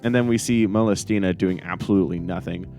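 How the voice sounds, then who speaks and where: A man's voice: low-pitched, quick pace, darkish tone, faint music behind. A man hosting a casual manga review chat, rambling and joking as he mock-quotes the characters. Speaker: podcast host.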